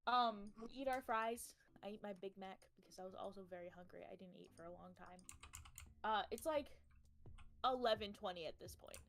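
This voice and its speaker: Uma jovem com sotaque americano conta uma história de forma animada e cheia de palavrões, imitando as pessoas com vozes mais agudas. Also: female voice, moderate pace, a little hiss or hum. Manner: animated, acts out quoted people in higher voices, swears freely. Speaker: streamer. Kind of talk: casual storytelling on a game stream.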